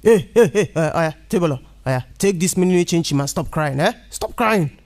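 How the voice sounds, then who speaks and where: A woman's voice: fairly low pitch, lively intonation, brisk, darkish tone, shouting, voice pushed down. A woman voicing a stern, impatient male teacher with a Nigerian accent, barking orders. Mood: gruff.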